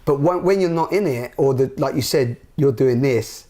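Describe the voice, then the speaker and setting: A man's voice: medium pitch, normal speed, warm tone. A man hosting a casual spiritual conversation, speaking earnestly and rambling with frequent restarts. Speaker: talk show host.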